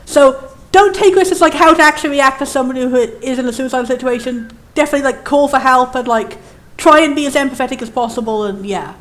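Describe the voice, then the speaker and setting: A woman's voice: high-pitched, fast. A young woman giving chatty, enthusiastic and opinionated commentary as she plays a game. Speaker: let's play host.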